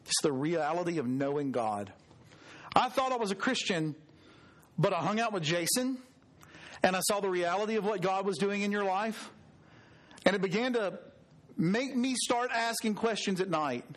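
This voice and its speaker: A middle-aged man preaching with earnest emphasis, his voice sitting a little high for a man. He builds his points through repeated phrases and personal storytelling. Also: animated, moderate pace, pauses often. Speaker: pastor. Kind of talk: sermon.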